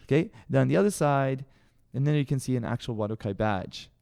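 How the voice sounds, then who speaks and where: A man's voice: mid-range voice, a little fast, vocal fry, clean tone, no room sound, clean studio sound. A Canadian man co-hosting a podcast, telling stories in a casual chat and acting out voices with lots of laughter. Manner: animated, acts out quoted voices, laughs often. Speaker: podcast co-host.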